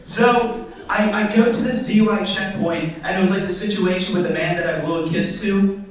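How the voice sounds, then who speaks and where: A young man doing stand-up comedy in a theatre, telling stories in an animated way and acting out voices. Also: moderate pace, heavy reverb, distant mic, rough recording. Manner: animated, acts out voices with sudden high squeals. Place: theatre stage before a live audience.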